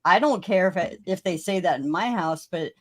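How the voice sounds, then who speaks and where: A woman's voice: lowish voice, animated, moderate pace. Brief: woman, parent, easygoing, agreeable anecdotes. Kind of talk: casual chat.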